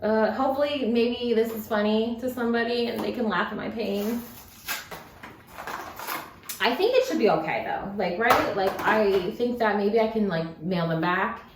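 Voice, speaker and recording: A young woman with a fairly high voice talks at normal speed in a casual unboxing vlog. Upset but trying to keep things upbeat, she alternates between sadness and excitement, chats freely, says "like" a lot, and curses occasionally. The recording has a roomy echo and faint background noise.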